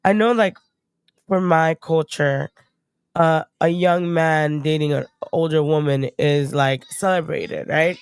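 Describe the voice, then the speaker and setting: A woman's voice: low-pitched, slow, clear, resonant tone, no echo. A young woman chatting casually as a stream guest, blunt and profane, still getting over a cold. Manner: blunt, profane, animated storytelling. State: recovering from a cold. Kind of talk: casual chat.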